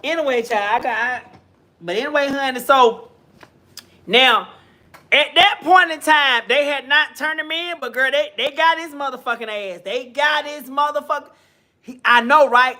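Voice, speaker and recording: A man with a high, bright voice dishes out gossip on a live stream. He is sassy and loud-mouthed, swearing freely and drawing out his exclamations. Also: moderate pace. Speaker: commentary streamer.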